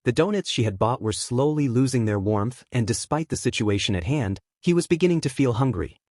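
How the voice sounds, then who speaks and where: A man reading a fan fiction story aloud in a steady, plain manner. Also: medium pitch, fairly quick, no echo, clean studio sound. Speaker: narrator.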